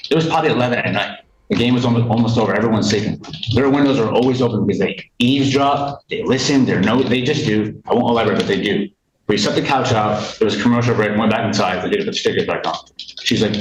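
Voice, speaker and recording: A man testifying in a courtroom hearing, indignant and rambling, repeating himself as he tells his side. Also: lowish voice. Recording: echoey courtroom mic, faint noise.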